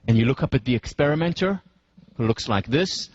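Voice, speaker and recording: A man lecturing in a deliberate, emphatic way, slowing down to stress key points and leading listeners through scenarios step by step. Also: medium pitch, lively intonation, breathy edge, no echo, highs cut off. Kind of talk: university lecture.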